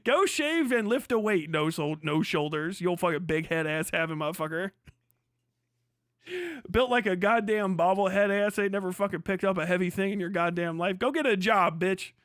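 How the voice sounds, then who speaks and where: A man's voice: high-pitched, moderate pace, fairly bright tone, no room sound, studio quality. A young man from Kentucky, ranting crudely and mockingly on a livestream, often breaking into laughter. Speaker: streamer. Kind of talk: profane political rant on a livestream.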